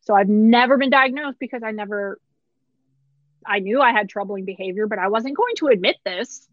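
A woman's voice: mid-range voice, normal speed, no echo, highs cut off. A woman in her thirties, a pharmacist, candidly telling a personal story with short laughs through hard moments.

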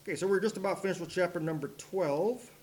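A man's voice: high-pitched, quick pace, darkish tone. A man leading a Bible study group in a small room, chatting in a folksy, storytelling way before he reads scripture. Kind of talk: casual Bible study talk.

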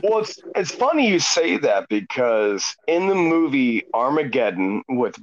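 Male podcast co-host, lively swinging pitch, dry and slightly dull sound. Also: measured pace, no room sound. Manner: rambling retelling, swearing, playful voices. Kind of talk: casual chat.

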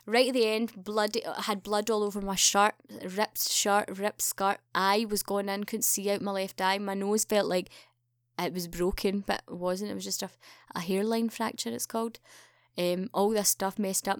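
A woman's voice: dry recording, studio quality. A young woman telling a story in casual chat, acting out the quoted lines with a lifted voice. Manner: animated, acts out quoted dialogue with raised pitch. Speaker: podcast guest.

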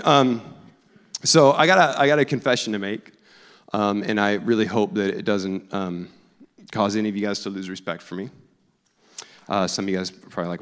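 A man in his forties preaches a loose, chatty sermon. His pitch sits in a middle range for a man, and he keeps poking fun at himself. The sound carries the long reverb of a church hall. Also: brisk. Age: 40s. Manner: joking, self-deprecating and chatty. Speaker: pastor. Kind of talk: conversational sermon. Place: church sanctuary.

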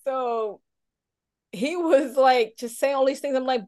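Woman co-host, fairly high voice, rambling animated storyteller on a chat podcast. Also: a little slow.

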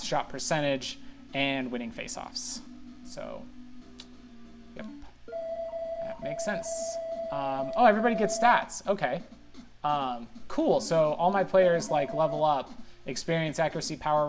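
A man giving casual, rambling commentary while playing a video game, mocking his own mistakes and breaking into sudden exclamations. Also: on the high side. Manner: rambling, self-deprecating play-by-play with sudden exclamations. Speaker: let's play gamer.

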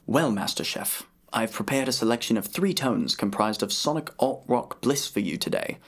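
A man's voice: medium pitch, lively intonation, moderate pace, a bit bright. A man putting on a pompous British waiter. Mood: grandiose. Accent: put-on British. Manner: grandiose, flowery menu-style presenting. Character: pompous British fine-dining server, adult man.

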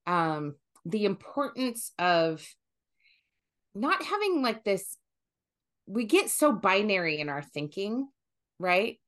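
A woman hosting a conversational podcast, talking in an animated way and thinking aloud with fillers and restarts. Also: mid-range voice, takes it slowly, long pauses. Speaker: podcast host.

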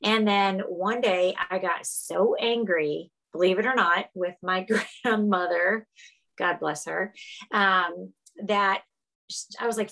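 Woman, middle-aged, podcast guest, casual storytelling, animated, laughs a lot, middle pitch, video call. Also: takes it slowly, low-quality recording. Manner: animated, laughs often, acts out quotes. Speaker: podcast guest, fitness instructor.

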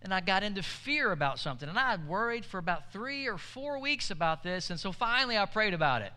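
A man's voice: sits high, very animated, fast, bright, forceful tone, smooth. A man pastor preaching a sermon, telling stories in a conversational way and calling on the congregation to respond. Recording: echoey hall.

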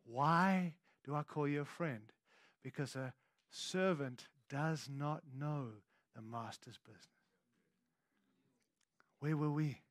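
Speaking slowly and pausing often, a male pastor preaches a sermon that shifts from hushed closeness to emphatic, loud declarations. He also speaks casually to the congregation in asides, and there's no echo.

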